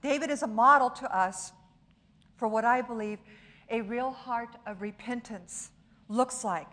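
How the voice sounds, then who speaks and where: A woman's voice: a little high, a little slow. Earnest woman preaching a sermon. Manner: earnest, drops to a soft hushed voice for prayer. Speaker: pastor.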